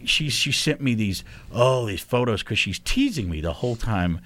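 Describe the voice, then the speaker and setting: A man's voice: medium pitch, big pitch swings, normal speed, a bit bright. A man hosting a radio show, chatting casually and rambling with jokes at his own expense, laughing often. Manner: rambling, jokey, self-deprecating, laughs often. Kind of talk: casual chat. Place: radio studio.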